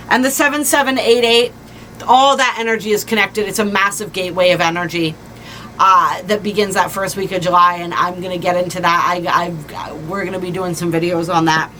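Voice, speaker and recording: A woman hosting a spiritual card reading, talking casually and gently, laughing easily and slowing down to stress key points. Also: lowish voice, slight background noise. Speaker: spiritual reader and channel host.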